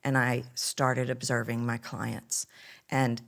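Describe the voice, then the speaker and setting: A woman's voice: extremely low pitch, slow pace, creaky. A middle-aged woman with a Texan accent, a voice coach telling her story animatedly in an interview. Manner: animated storyteller, acts out quoted lines.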